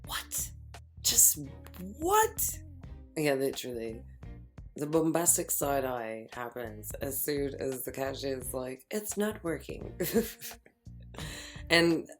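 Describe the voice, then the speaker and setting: A woman talks through a reality show episode in a low voice. She is gossipy and animated, throwing in quick asides. Faint music plays under her. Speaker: reality TV recap vlogger. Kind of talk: casual chat.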